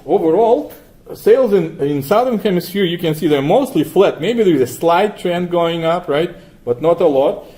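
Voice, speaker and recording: A man teaching a class, walking through software steps and asking students questions, often adding 'right?'. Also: sits high, expressive, normal speed. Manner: asks the class frequent questions, tags 'right?'. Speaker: lecturer. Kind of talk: classroom lecture with software demo.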